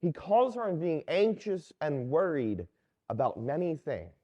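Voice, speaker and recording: A Catholic priest giving a sermon in a conversational, storytelling manner. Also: male voice, fairly high pitch, big pitch swings, measured pace, dark tone.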